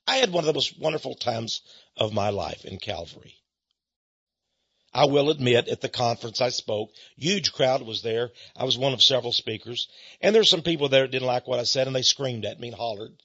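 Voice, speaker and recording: A man, a Christian speaker telling stories in an animated, chuckling sermon style. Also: mid-range voice, moderate pace, slightly rough, highs cut off. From Texas, USA. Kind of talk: storytelling sermon.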